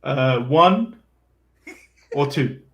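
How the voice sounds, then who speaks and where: A young man hosting a wrestling podcast in casual chat, relaxed and chuckling. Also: medium pitch, extremely slow, echoey room. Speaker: podcast host.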